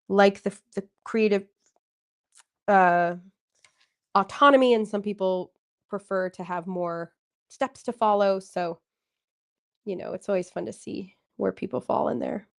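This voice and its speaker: A woman in her own natural voice hosts a relaxed livestream. Her pitch sits in a middle range, and she keeps an encouraging, chatty tone as she answers viewers' comments one by one. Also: measured pace, vocal fry, pauses often. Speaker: livestream host. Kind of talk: casual livestream chat.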